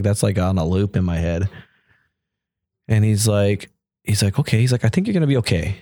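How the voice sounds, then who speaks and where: A man's voice: lowish voice, creaky, dry recording. A man as a podcast guest, telling a personal story in casual talk and acting out the voices of people he quotes. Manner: animated, acts out quoted dialogue.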